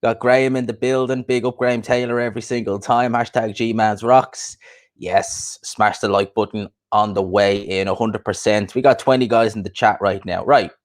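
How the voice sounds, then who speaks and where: A young man hosting a casual boxing livestream, chatting loosely and giving repeated shout-outs to viewers. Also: lowish voice, fairly even intonation, normal speed. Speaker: boxing podcast host.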